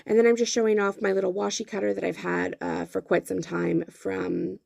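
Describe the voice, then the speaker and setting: A young woman, a planner vlogger, narrates a voice-over while decorating a weekly planner spread, chatting casually with lots of fillers and self-corrections as she hiccups. Her medium-pitched voice is gravelly yet a little mellow, slightly fast and fairly flat in pitch, with no echo.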